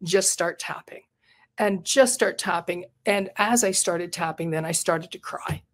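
Speaking at a measured pace in a voice on the low side, this middle-aged woman tells a personal story during an interview. She is a retired psychotherapist and coach, and her delivery is earnest and reflective, with words repeated while she thinks.

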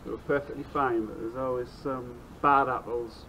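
A man's voice: medium pitch, steady tone, moderate pace. A man paranormal investigator provoking spirits outdoors with taunts. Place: outdoors at abbey ruins. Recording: dull lo-fi sound with loud noise.

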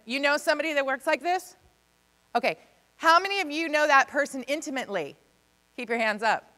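High bright voice, woman cracking jokes at a seminar, big echoey hall. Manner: energetic, comedic, playful with the audience. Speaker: business speaker. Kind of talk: live seminar talk. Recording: long reverb of a hall.

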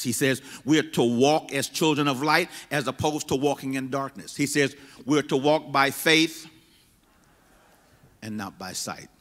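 A man's voice: medium pitch, fairly bright tone. Emphatic male pastor in a reverberant hall. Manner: repetitive, emphatic build-up. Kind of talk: sermon. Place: church sanctuary.

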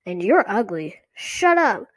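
A woman's voice: medium pitch, expressive, a little slow. A woman voicing an impatient young girl in a storybook reading, speaking in a snappish, skeptical way.

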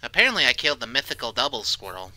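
Jumpy, bright-voiced gamer guy. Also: mid-range voice, sing-song, racing, no echo, rough recording. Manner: jumpy, swears a lot, reacts loudly to scares. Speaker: gaming YouTuber. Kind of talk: casual let's-play commentary.

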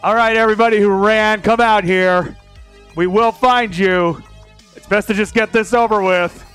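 A man's voice: sits high, animated, brisk, fairly bright tone, soft background music, voice pushed up. A man playing a stern male police officer in a tabletop game, speaking in a commanding raised voice.

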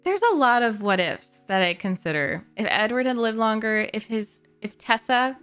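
A woman's voice: medium pitch, fairly bright tone. A woman YouTuber chatting casually to camera as a fan, gushing and rambling with frequent "like" and the odd swear word. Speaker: gaming YouTuber discussing a book.

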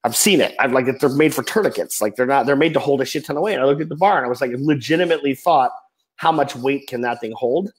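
A man in his forties speaking as a podcast guest, earnest and emotional, often trailing off softly. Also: medium pitch, racing, hardly any pauses, poor audio. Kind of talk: candid personal storytelling.

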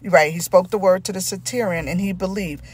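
A woman's voice: on the low side, brisk, slightly rough. A middle-aged woman with a Southern US accent, giving an informal sermon with emphatic repetition. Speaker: Christian teacher.

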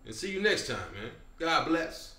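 A young man hosts his comedy show, speaking in with a fairly high voice that swings up and down. He laughs his way through a rambling, profane recap. Nothing about his delivery is stiff. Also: expressive, moderate pace, bright, forceful tone, echoey room.

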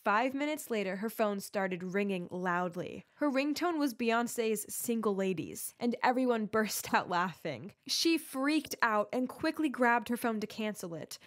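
A woman giving scripted first-person narration of an animated story in a confiding tone. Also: a little high, measured pace, hardly any pauses.

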